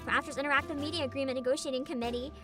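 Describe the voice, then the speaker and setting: A woman's voice: sits high, fairly even intonation, very fast, over music. A woman streaming as a VTuber, ranting sarcastically in a casual livestream and laughing often.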